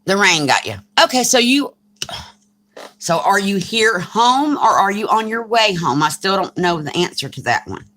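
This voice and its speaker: A woman's voice: mid-range voice, very animated, moderate pace, a bit bright. A woman in her forties with a Southern US accent, chatting casually on a crafting live stream and reading comments aloud. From Alabama, US. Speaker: crafting channel host.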